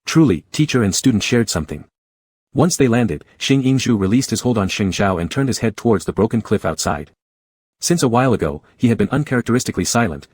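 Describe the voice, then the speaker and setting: A man reads a novel aloud at an even, measured pace. His voice is low and husky. The recording is dry and close. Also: no room sound. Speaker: narrator. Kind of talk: scripted audiobook narration.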